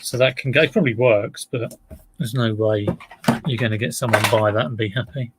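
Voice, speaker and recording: A man's voice: medium pitch, a little fast, heavy background noise. A middle-aged man chatting casually on a livestream as a reseller, rambling and self-deprecating.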